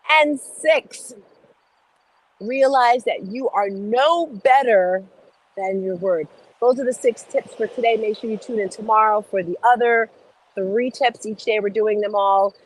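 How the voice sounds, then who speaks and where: A woman's voice: a little high, poor audio. A middle-aged woman hosting a live motivational talk outdoors, speaking energetically and emphatically straight to her viewers. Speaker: motivational host. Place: outdoors in morning sun.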